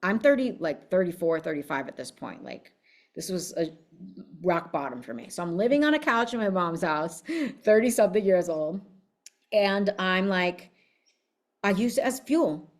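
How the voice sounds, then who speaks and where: A woman's voice: lowish voice, big pitch swings, normal speed. A woman giving a casual motivational talk as a business coach, telling her story in a blunt, fiery, profane way. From United States.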